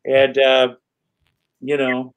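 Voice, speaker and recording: A man's voice: mid-range voice, very slow, smooth. A middle-aged man telling stories as a podcast guest, rambling and profane, acting out what people said. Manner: rambling, profane, animated retelling with quoted voices. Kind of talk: casual storytelling interview.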